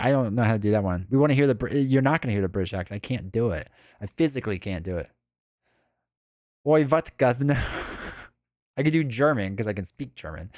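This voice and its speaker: A man's voice: mid-range voice, a little mellow, dry recording, clean studio sound. A man streaming a live card game playthrough, chatting casually, reading the story aloud and joking about himself. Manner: chatty, self-deprecating, laughs often.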